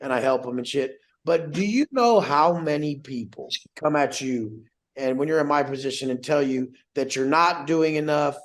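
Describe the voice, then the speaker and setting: A man's voice: on the high side, moderate pace, reverberant, poor audio. A young man hosting a group coaching call, brash and swearing, acting out the voices of people he quotes.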